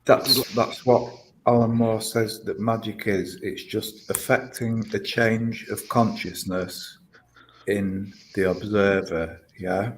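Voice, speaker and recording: A man's voice: lowish voice, fairly even intonation, a little hiss or hum, low-quality recording. A man in casual stream chat, rambling and swearing as he talks things through. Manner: rambling, swears a lot, slow and emphatic.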